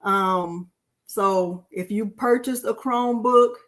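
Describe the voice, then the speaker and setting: A middle-aged woman, hosting a casual live-stream crafting tutorial and talking to viewers in a chatty, warm-hearted way. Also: medium pitch, slow pace. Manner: chatty and emotional, addresses viewers as y'all.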